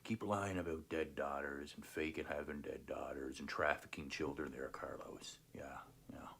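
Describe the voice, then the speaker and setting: A man in a played stream clip, taunting in a low, muttered near-whisper. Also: fairly even intonation, normal speed, gravelly, a bit bright, slightly rough.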